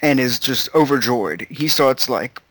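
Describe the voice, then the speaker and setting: A man's voice: mid-range voice, animated, a bit bright, no echo. A man co-hosting a podcast, casually recapping a scene with frequent laughs and restarts. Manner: laughs often while recapping, halting restarts. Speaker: podcast co-host.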